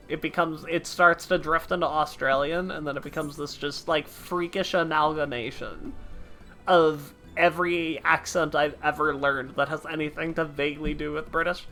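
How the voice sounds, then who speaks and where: Streamer type: a playful, self-mocking woman talking to her viewers mid-game, bright and crisp voice. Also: low-pitched, fairly even intonation, moderate pace, soft background music. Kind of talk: casual gameplay chat with viewers.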